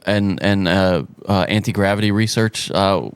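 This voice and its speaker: A man co-hosting a casual podcast, with a fairly low voice and a dry, close sound. He asks questions in a halting way, filling gaps with "uh". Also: fairly even intonation, clear, resonant tone, dry recording. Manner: questioning, halting with many fillers.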